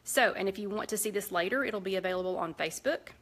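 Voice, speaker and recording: A woman's voice: medium pitch, fast, fairly bright tone. A woman with a Southern US accent talks her way through a live cooking stream. Her chatter is loose and rambling as she cooks and plates food. She sounds like she is in a home kitchen. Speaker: cooking show host. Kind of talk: casual live-stream chat.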